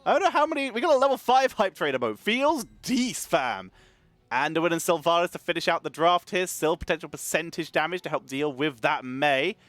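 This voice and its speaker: A man casting a live esports match, energetic and chatty, wired on caffeine and thanking subscribers between calls of the play. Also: fairly high pitch, brisk, no room sound. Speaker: esports caster.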